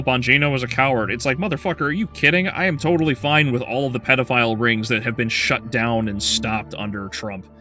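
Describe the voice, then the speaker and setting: Bright-voiced man ranting on stream. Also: medium pitch. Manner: heated, profane ranting with frequent restarts. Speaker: game streamer. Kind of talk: casual livestream chat.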